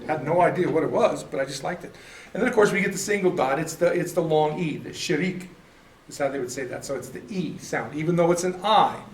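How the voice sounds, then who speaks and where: A man leads a relaxed church class, chatty and quick to laugh at his own mistakes. His voice sits fairly high. He sounds a little far from the mic in an echoey room with faint background noise. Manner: chatty, self-deprecating, laughs often. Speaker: Bible study teacher. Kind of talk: casual classroom teaching.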